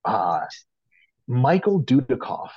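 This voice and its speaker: Man, podcast guest, husky voice, lively pitch, rambling and profane, dull lo-fi sound. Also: slow, no room sound. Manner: rambling, profane and self-mocking. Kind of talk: casual chat.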